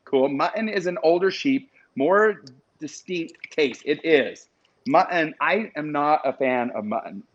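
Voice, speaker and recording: A man's voice: a little high, animated, measured pace, lo-fi sound. Chatty upbeat man with Western American accent. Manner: chatty, upbeat, addresses viewers as you guys. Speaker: host of a live cooking and trivia stream. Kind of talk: casual live-stream chat, reading viewer comments.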